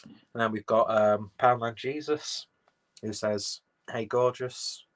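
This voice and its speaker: A man's voice: mid-range voice, takes it slowly, poor audio. A man with an English accent, hosting a casual livestream and reading viewers' comments aloud, rambling and swearing freely. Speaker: livestream host reading chat.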